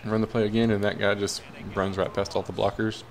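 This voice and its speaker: A man's voice: lowish voice, level tone, a little fast, slight background noise. A young man casually commentating his own football video game, cheering and groaning at the plays. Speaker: gaming commentator.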